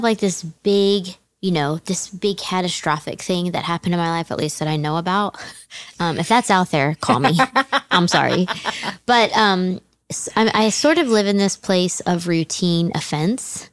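A middle-aged woman speaks in a lowish voice with a dry, close sound. Her talk is candid and self-deprecating, and she laughs often. It feels like a relaxed church podcast chat. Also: normal speed, no room sound. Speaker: church women's teaching team member. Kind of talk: casual podcast conversation.

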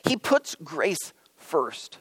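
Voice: mid-range voice, sing-song, very slow, fairly bright tone, breathy edge, dry recording. A pastor preaching a sermon in a conversational, storytelling manner, with light humor and frequent restarts.

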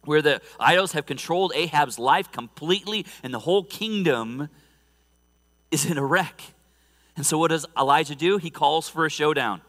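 Animated male pastor with a bright, forceful voice. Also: fairly high pitch, moderate pace, long reverb tail. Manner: animated, conversational storytelling with laughs. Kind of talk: sermon. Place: church sanctuary.

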